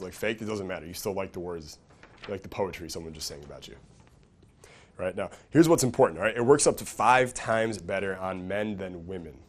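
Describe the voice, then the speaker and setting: A man lecturing at a live seminar as a coach, casual and full of swearing, who keeps checking in with his listeners. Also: lowish voice. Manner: profane, casual, keeps checking in with "okay?" and "right?".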